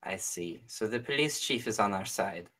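A tabletop player speaking slowly and deliberately, half in character with a mock-refined manner. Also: low-pitched, expressive, a bit bright.

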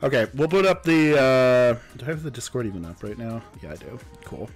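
A man's voice: medium pitch, expressive, fairly quick, soft background music. Slightly sick young male streamer, chatty. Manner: casual, chatty, thanks viewers by name. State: a little sick, coughing. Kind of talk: live-streamed game commentary.

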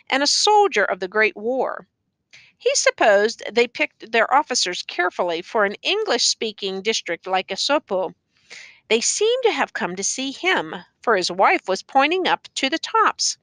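A woman narrating a novel as an audiobook in a steady, even storytelling manner. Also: on the high side, no echo.

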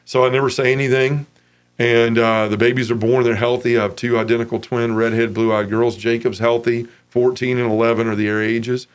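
A man's voice: medium pitch, flat delivery, brisk, smooth. A man in his forties from Memphis, giving a frank, casual personal testimony as an interview guest.

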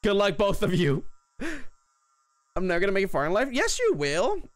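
High, excitable young streamer guy. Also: moderate pace, dry recording, clean studio sound. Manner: excitable, shrieks when scared. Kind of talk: live gameplay commentary.

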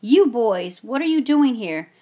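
A woman voicing a tall, mocking male British soldier who calls out loudly in a children's story reading. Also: medium pitch, a little slow, lightly acted. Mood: taunting.

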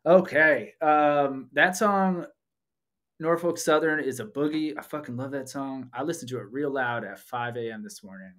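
A man cohosting a podcast in casual chat, excitable, laughing often and swearing casually. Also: mid-range voice, moderate pace. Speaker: podcast co-host.

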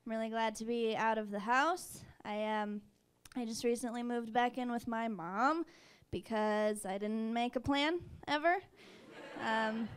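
A young woman performing a stand-up set, halting and self-deprecating, with lots of fillers. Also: fairly high pitch, clean tone. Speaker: stand-up comedian.

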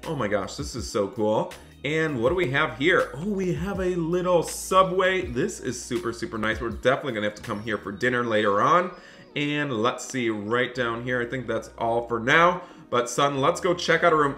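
Bright-voiced excitable man. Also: medium pitch, normal speed. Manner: excitable, often scolds his son. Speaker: YouTuber playing a dad in a roleplay. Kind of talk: animated game roleplay commentary.

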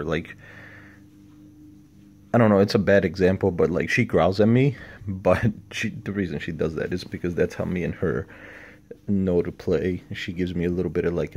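A man vlogging casually, thinking aloud and chatting about his day and his dogs. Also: a little hiss or hum. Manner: talks softly to his pets in a higher baby voice. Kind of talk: casual vlog.

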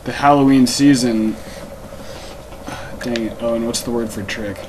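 A man's voice: mid-range voice, steady tone, measured pace. A young man hosting a casual gameplay commentary, rambling and joking with many restarts. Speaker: let's play host. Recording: noisy home recording.

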